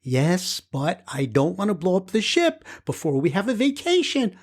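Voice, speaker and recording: A man's voice: high voice, big pitch swings, moderate pace, pitched above the performer's own voice. A man voicing a worried mother on a family rocket trip, in a nervous, fretting manner, for an audiobook. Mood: fretful. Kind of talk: audiobook character voice.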